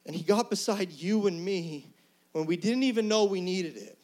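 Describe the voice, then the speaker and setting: A middle-aged pastor with a high, light voice delivers a sermon in an earnest, conversational way. He drops to hushed, near-whispered lines and then climbs to loud, emphatic ones. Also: lively intonation, normal speed.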